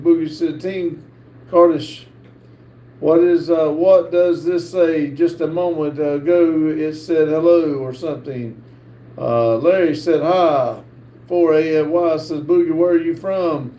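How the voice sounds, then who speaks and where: A middle-aged man with a North Carolina accent hosts a live stream and reads viewer comments aloud, halting often with "uh". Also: a little high, warm tone. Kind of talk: casual live-stream chat. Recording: echoey room with faint background hiss.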